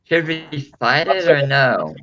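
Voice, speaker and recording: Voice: medium pitch, sing-song, slow pace, bright, forceful tone, highs cut off. A player in a tabletop game who speaks hesitantly with worried exclamations. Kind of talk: tabletop role-play.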